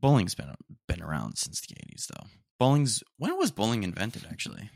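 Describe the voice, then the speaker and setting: A young man rambles through a casual solo podcast, piling on slang and mock outrage. His voice sits fairly low, and the sound is close and dry with no room in it. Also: huge pitch swings, a little fast, gravelly, no room sound. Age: young adult. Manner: rambling, slangy, says "dude" often, mock-indignant. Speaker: podcast host. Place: room at home, roommates nearby.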